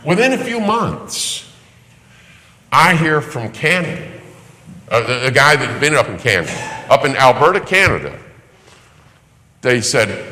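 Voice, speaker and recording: A man preaching to a congregation, telling a personal story in an animated way, acting out the voices of the people in it and laughing now and then. His voice sounds bright and forward, and a long reverb from a big church hall trails after each phrase. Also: medium pitch, measured pace, long pauses. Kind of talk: sermon storytelling.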